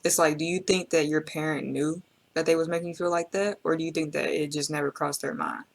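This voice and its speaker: A woman's voice: low voice, fairly even intonation, brisk, vocal fry. Emotional woman reacting to a song. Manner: emotional, reflective, addresses viewers directly with slang. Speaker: reaction video host. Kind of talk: casual reaction commentary.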